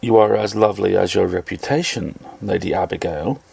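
A man's voice: deep voice, brisk, gravelly, darkish tone, husky, heavily acted. A man voicing a courteous, cultured male ambassador who speaks with polished politeness in an audio story. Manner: slight cultured accent, polite and gallant. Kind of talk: audio fiction dialogue.

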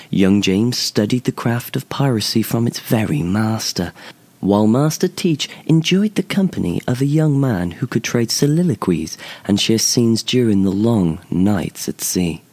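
A man narrating a fantasy short story in a measured, expressive storytelling manner. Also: lowish voice. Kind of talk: scripted narration.

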